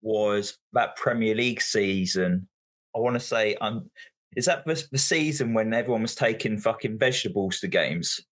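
A man's voice: lowish voice, moderate pace, a bit bright. A man, a podcast guest answering quiz questions with jokes, thinking aloud with fillers. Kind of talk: casual chat.

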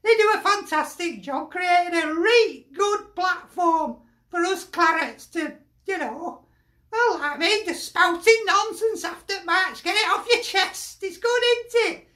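A woman with a broad Lancashire accent talks slowly in a very high voice, chatty and jokey, laughing often as she shares a fan reaction. Her voice bounces around a roomy, echoing space. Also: pushed and bright. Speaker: fan sending in a video reaction. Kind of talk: casual fan reaction chat. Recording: echoey room.

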